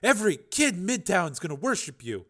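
A man's voice: high-pitched, sing-song, brisk, a bit bright, pitched above the performer's own voice, heavily acted. A man reading an audiobook, voicing a brash, ambitious young female TV reporter in a lightly raised voice. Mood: eager.

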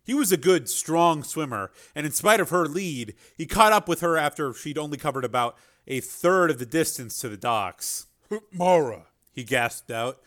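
A man's voice: mid-range voice, a bit bright. A man narrating a chapter of an adventure novel as an audiobook reader. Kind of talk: scripted narration.

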